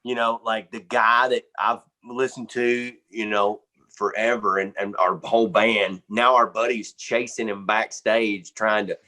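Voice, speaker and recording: A man's voice: lowish voice, steady tone, unhurried, bright, forceful tone. A man from the United States, a drummer being interviewed, telling a casual, rambling story full of fillers and restarts. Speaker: guest musician, drummer.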